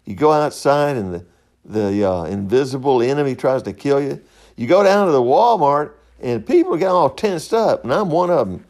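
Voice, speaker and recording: A man's voice: medium pitch, lively intonation, normal speed, a little mellow. A middle-aged man, hosting a podcast in a rambling, folksy monologue and laughing at his own stories. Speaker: podcast host.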